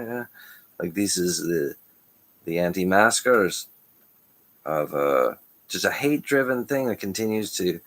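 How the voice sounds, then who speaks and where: Man, low-pitched, rambling vlogger, stream-of-consciousness delivery. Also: lively intonation, normal speed, fairly bright tone. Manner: stream-of-consciousness, restarts, frequent chuckles. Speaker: channel host. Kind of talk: rambling monologue to camera.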